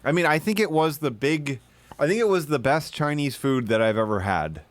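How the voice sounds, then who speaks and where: A man streaming live, telling rambling, profane stories in casual chat and now and then bursting into shouted put-on voices. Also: fairly high pitch, expressive, moderate pace, no echo.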